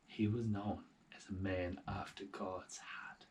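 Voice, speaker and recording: A man telling a Bible story to children, lively with soft whispered asides. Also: sits low, takes it slowly, recorded from a distance.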